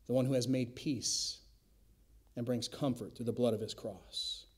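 A male pastor preaching a sermon in a church, emphatic, slowing and dropping to a hush on key words. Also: mid-range voice. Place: church sanctuary.

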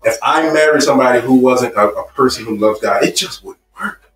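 A man's voice: mid-range voice, fairly quick, roomy sound, recorded from a distance, poor audio. A man teaching a marriage seminar in an emphatic, repetitive way, building points with personal stories. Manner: emphatic and repetitive, stacking phrases. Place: seminar room.

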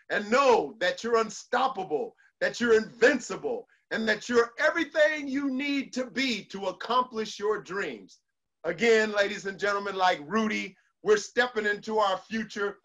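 Man, motivational speaker, emphatic, repetitive, higher voice, bright tone. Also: rough recording. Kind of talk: motivational speech.

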